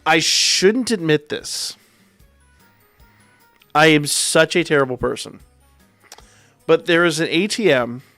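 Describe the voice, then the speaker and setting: A man's voice: mid-range voice, creaky, fairly bright tone, no room sound. A man hosting a livestream, telling a story in a wry, profane, casual way. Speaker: livestream host.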